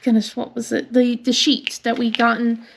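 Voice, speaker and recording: Chatty, giggly woman with a bright voice. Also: a little high, monotone, normal speed, vocal fry, husky. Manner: rambling, chatty, laughs often. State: coughing from bad air. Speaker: crafting channel host. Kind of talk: casual chat while crafting.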